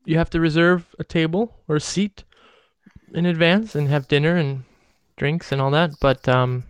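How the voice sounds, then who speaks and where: Smooth-voiced man in casual chat. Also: on the high side, steady tone, moderate pace, no echo. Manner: rambling, laid-back storytelling with fillers. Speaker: podcast co-host.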